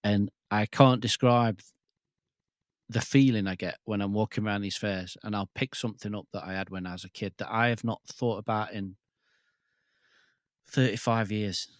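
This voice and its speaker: A man in his forties, a podcast guest in casual chat, excitable and swearing freely. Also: on the low side, moderate pace, no room sound, studio quality. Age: 40s.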